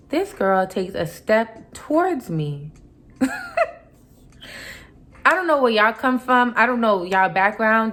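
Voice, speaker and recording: A young woman tells a story straight to her viewers in a loose, conversational vlog style. She sounds fired up and animated, with lots of asides and quoted back-and-forth. Her voice sits at an ordinary middle pitch for a woman. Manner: animated, heated retelling with frequent "like" and mock quotes. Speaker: vlogger.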